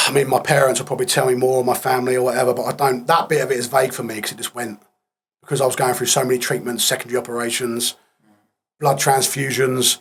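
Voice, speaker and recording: Husky man telling a hard story. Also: medium pitch, flat delivery, fast talker, a bit bright. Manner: plain-spoken, subdued, trails off in places. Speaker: podcast guest. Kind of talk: recounting a war injury in a casual interview.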